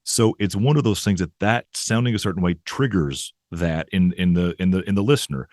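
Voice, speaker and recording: A man's voice: low voice, a little fast, darkish tone, no room sound, clean studio sound. A man, a professor guest in an interview, explaining ideas thoughtfully with frequent restarts and "right?" tags. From American South.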